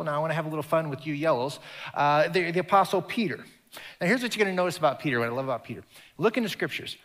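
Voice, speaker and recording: A man preaches with lively energy, jumping into voices for the people he quotes. His voice sits a little high, and it carries with a long reverb, as if he is in a large hall. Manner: animated, acts out quoted voices, laughs. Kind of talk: sermon.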